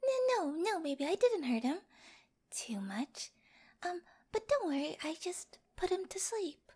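A woman voicing a sweet but obsessive young girlfriend with a dark streak in a whispered role-play, speaking straight to the listener with giggles and coaxing whispers. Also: very high-pitched, sing-song, measured pace, full character voice. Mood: creepy adoring. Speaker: voice actor in listener-addressed audio drama.

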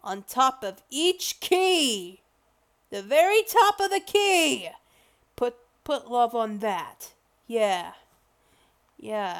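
Excitable woman rambling about music, swoopy lively voice, lots of restarts. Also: sits high. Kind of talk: casual music commentary.

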